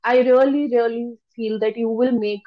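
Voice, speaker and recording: A woman giving a public speaking lecture, stressing key words by shifting her pitch. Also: steady tone, normal speed, highs cut off. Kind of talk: lecture to an online audience.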